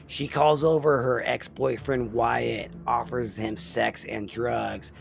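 Slow gravelly male storyteller. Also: mid-range voice, flat delivery. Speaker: horror film storyteller. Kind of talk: retelling a film plot.

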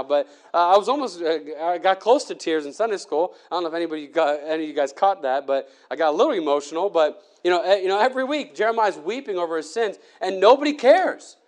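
Earnest higher-voiced male preacher. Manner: earnest, with frequent restarts and fillers. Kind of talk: sermon.

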